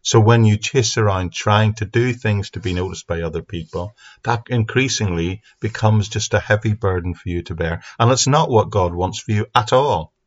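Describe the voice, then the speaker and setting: A man giving an earnest, steady Bible teaching talk into a microphone for an online audience. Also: on the low side, normal speed, few pauses. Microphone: speaking into a mic. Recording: dull lo-fi sound.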